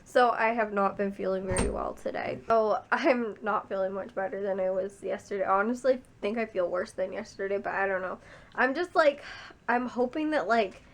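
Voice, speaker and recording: A woman's voice: mid-range voice, moderate pace, a little hiss or hum. Congested young woman vlogging casually. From Chicago area, USA. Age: young adult. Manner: rambling, chatty, frequent trailing-off restarts. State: congested, sick with a sore throat. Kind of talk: casual vlog chat. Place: at home.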